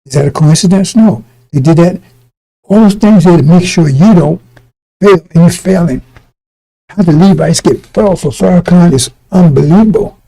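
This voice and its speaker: Gravelly, dark-toned preacher man. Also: high voice, normal speed, low-quality recording. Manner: blunt and profane, mocking voices, laughing. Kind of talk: loose street sermon.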